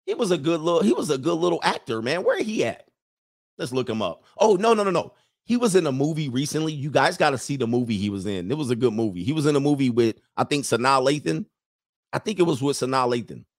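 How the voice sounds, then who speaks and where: A man's voice: mid-range voice, lively intonation, quick pace. A man hosting a livestream in casual chat, reading viewer comments aloud, rambling and chuckling as he loses his train of thought.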